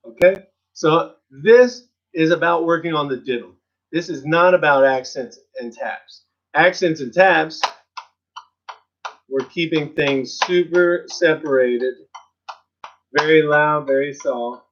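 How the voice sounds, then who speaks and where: A man teaching an online drum lesson in a percussion studio, counting beats aloud in an encouraging, relaxed way. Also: fairly high pitch, slow, muffled recording, noisy background.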